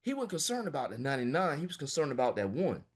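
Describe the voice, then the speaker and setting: A man's voice: fairly high pitch, very animated, fast talker, slightly rough. A man, a financial coach giving a passionate, emphatic motivational talk over a video call, peppered with "man". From small-town Florida, US.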